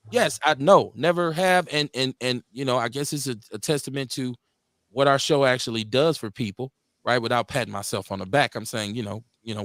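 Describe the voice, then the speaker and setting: A man's voice: medium pitch, a bit bright, no room sound. A man hosting a live talk radio show, loose and profane, joking between serious points.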